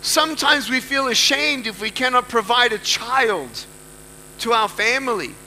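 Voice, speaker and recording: A man's voice: extremely high pitch, expressive, unhurried, bright, forceful tone, a little hiss or hum, rough recording. A man giving a motivational speech to a live audience, emphatic, repeating key phrases and putting questions to the listeners. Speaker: motivational speaker.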